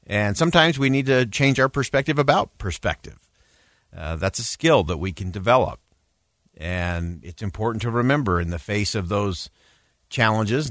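Male speaker, lowish pitch, dry close sound, measured earnest address with "uh" fillers. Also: a bit bright, no echo. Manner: measured and emphatic, with frequent "uh" fillers. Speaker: public speaker on a news broadcast.

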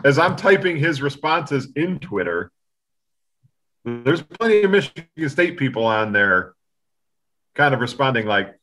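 Sing-song and unhurried, this mid-range male voice sounds pushed and bright, with long pauses. He's a sports podcast co-host who rambles loosely and often breaks off to start his sentences over.

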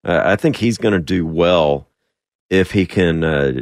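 A man's voice: low-pitched, measured pace, no room sound, clean studio sound. A man co-hosting a sports radio show, joking and giving his opinions on racing in casual chat.

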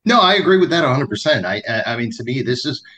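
A man co-hosting a podcast, talking in a rambling, animated way with lots of restarts. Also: medium pitch, fast. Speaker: podcast co-host. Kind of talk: casual chat.

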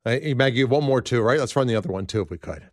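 A man's voice: mid-range voice, animated, quick pace, no echo, studio quality. A man hosting a political talk show, rambling and conversational with lots of fillers.

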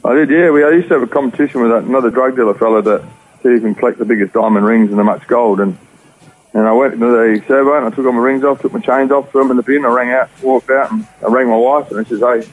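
An Australian man tells his story at a rapid clip, his low voice husky and rough. He talks in slang and plain words. The sound is thin and tinny, as over a phone line. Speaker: interview guest. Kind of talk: personal testimony.

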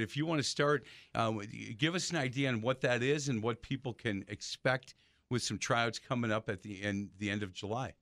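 A man's voice: lowish voice, pushed and bright, no echo. A man hosting a sports radio talk show, chatty and self-deprecating as he tells stories. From Milwaukee area.

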